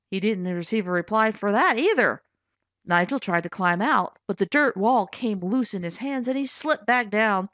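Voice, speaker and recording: Woman author reading her storybook, lively pitch; dry, dull recording. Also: normal speed, no room sound. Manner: expressive storytelling, voices for characters. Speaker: author and narrator. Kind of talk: scripted audiobook narration.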